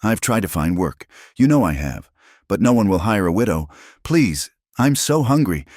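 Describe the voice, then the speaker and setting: Hoarse pleading widow, put on by a man. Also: extremely low pitch, very animated, normal speed, a little mellow, dry recording, studio quality, full character voice. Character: starving young widow begging for bread.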